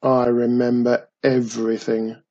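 A man voicing a grumpy old male cave goblin with a loud, growling voice. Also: mid-range voice, monotone, unhurried, highs cut off, close to an everyday voice.

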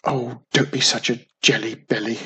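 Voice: medium pitch, fairly even intonation, moderate pace, fairly bright tone, breathy edge. A reader voicing a young witch in a storybook who scolds her cousin and soothes a baby dragon. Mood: scolding. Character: bossy yet tender young witch woman. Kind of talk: storybook reading.

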